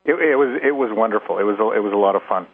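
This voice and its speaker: A man's voice: lowish voice, very fast, vocal fry, breathy edge, faint music behind. A man from Canada calling in to an advice show, hesitant and repeating words as he starts his sentences. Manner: hesitant, stammering at the start of phrases. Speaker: caller. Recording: phone-line audio.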